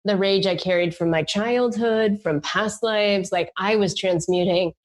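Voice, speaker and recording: A woman co-hosting a casual podcast chat, talking in a mid-pitched voice. She tells stories intensely and slows right down on words she wants to land. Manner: intense storytelling, slows down for emphasis. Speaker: podcast co-host.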